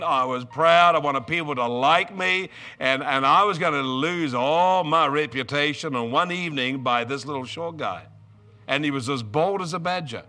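An older man delivers a storytelling sermon in a bright, forceful, slightly high voice. He drops into quiet asides, then builds to loud, excited bursts. Faint music plays underneath. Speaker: preacher.

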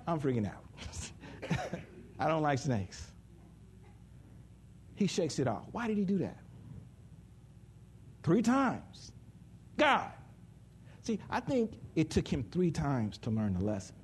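A man preaching a sermon in an animated way, jumping from loud high bursts to hushed asides, with speech. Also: a little slow, long pauses, breathy edge.

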